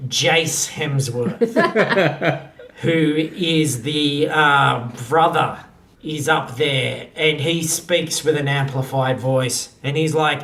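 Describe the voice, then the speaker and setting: Slow, roomy-sounding game master. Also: medium pitch. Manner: laughing, animated narration. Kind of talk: narrating a tabletop game. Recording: echoey room, from far off.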